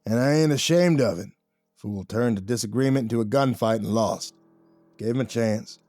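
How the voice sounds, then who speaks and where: A man's voice: mid-range voice, moderate pace, darkish tone, dry recording, soft background music, lightly acted. A man voicing a short-tempered drifter gunslinger who drawls and growls his threats. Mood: firm.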